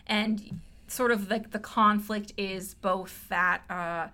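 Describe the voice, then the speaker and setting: Woman co-host, bright voice, playful casual film chat. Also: mid-range voice, fairly even intonation, slow pace, slight background noise. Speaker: podcast co-host.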